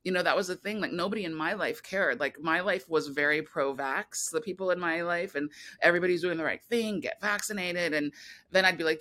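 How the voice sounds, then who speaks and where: Interview guest, bright tense tone, rambling, filler-heavy, restarts often. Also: medium pitch, a little fast. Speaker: guest filmmaker. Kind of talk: casual interview talk.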